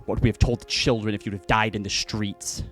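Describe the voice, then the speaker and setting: A man's voice: on the low side, little pitch movement, fast, a bit bright, soft background music. Man doing a fussing rabbit-folk husband. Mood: scolding. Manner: scolding, fussing.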